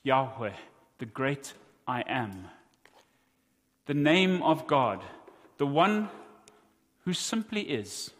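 South African man, pastor's sermon, unhurried earnest delivery, wry asides, long hall reverb. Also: mid-range voice, expressive, fairly bright tone.

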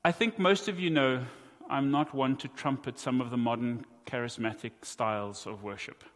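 A pastor with a South African accent and a medium-pitched voice preaches a sermon in a large hall. He is earnest and deliberate, dropping wry asides to his congregation.

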